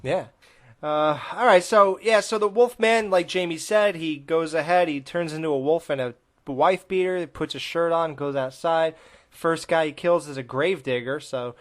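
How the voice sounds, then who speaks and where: A man's voice: on the high side, normal speed. A man co-hosting a podcast in casual chat, rambling and joking with frequent restarts. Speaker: podcast co-host.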